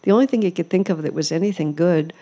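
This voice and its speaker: A woman gives a spiritual talk in an ashram, telling her stories with amused reflection. Her voice sits low and has a soft, mellow tone. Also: quick pace. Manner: warm storytelling, amused, reflective. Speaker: spiritual teacher. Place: ashram hall.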